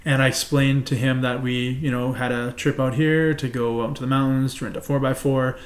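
Casual podcast co-host: quick Canadian man, rambling and profane, echoey room. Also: mid-range voice, flat delivery. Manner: rambling, profane anecdote telling. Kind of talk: casual storytelling. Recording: roomy echo.

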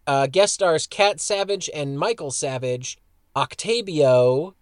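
Lively joking man hosting a podcast. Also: on the high side, a little slow, dry recording, studio quality. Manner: lively, joking, stumbles over words. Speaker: podcast co-host. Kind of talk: casual podcast chat.

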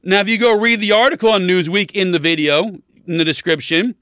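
Brief: riled-up male host, high bright voice, dry close sound, cursing commentary. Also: fairly even intonation, brisk, clean tone, no echo. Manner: heated, profane, riled-up. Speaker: podcast host. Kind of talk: political commentary rant.

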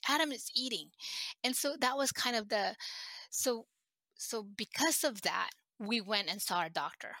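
Middle-aged woman guest, halting and emotional, bright voice. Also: on the high side, expressive, no echo. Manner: halting, emotional, many restarts. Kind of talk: personal storytelling in an interview.

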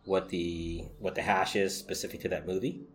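Deep voiced podcast guy, asks lots of questions, faint hiss behind. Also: flat delivery, normal speed, a bit bright. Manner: asks questions, repeats words while thinking. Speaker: podcast co-host. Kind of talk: casual tech chat.

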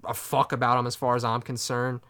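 A man's voice: medium pitch, flat delivery, a little fast, a bit bright. A man co-hosting a casual sports podcast, ranting in frustration with swearing. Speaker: podcast co-host.

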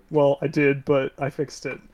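A man's voice: medium pitch, completely flat delivery, a little slow, darkish tone, a little hiss or hum. A young man co-hosting a casual podcast chat, easygoing and laughing often. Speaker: podcast co-host.

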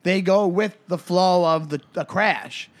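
A podcast co-host with a high-pitched voice chats casually at an unhurried pace. His rambling stories are heavy with fillers like "uh" and "like."

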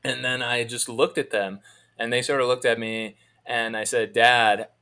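A man telling a long story in a casual chat, in a fairly monotone, rambling way with many restarts. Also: mid-range voice, normal speed.

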